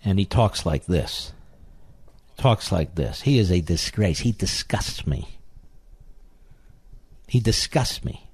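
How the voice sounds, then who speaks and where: A man's voice: on the low side, darkish tone, slight background noise. A man hosting a talk radio show, delivering an indignant political monologue with heavy repetition.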